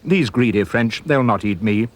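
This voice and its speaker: A man's voice: fairly low pitch, expressive, normal speed, close to an everyday voice. A man voicing a cool, grandly polite giant snail in a storybook reading.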